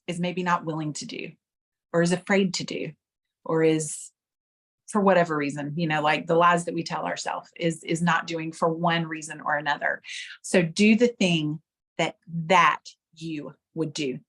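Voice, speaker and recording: A middle-aged woman giving a casual motivational talk as a sales director, chatty and earnest, often calling her listeners "you guys.". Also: on the low side.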